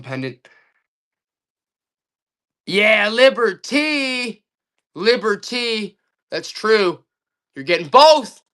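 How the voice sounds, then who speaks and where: A man selling items on a live auction stream, hyping each piece and talking to his viewers. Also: on the high side. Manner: excited hype salesman talk.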